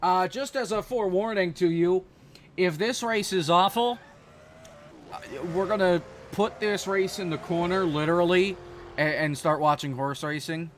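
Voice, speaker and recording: A man's voice: sits high, normal speed, a little hiss or hum. A man hosting a sim racing broadcast, talking casually and rambling with frequent restarts. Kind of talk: live stream race commentary.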